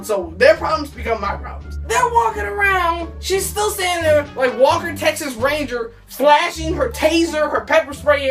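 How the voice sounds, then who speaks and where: A woman casually telling a funny story from her youth, animated and jokey, breaking into shouts. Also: sits high, far from the mic.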